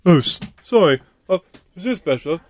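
A man's voice: high-pitched, animated, normal speed, no room sound. A man playing an awkward, apologetic academic radio guest. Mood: hesitant. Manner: hesitant, apologetic.

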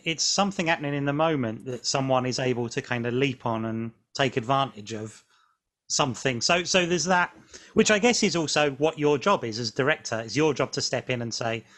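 A man's voice: mid-range voice, brisk, fairly bright tone. A man interviewing a director, thinking aloud and restarting his questions as he goes.

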